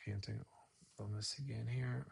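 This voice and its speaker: A man's voice: medium pitch, fairly even intonation, moderate pace, creaky, husky. A man casually talking viewers through a photo edit on a live stream, rambling and thinking aloud as he works.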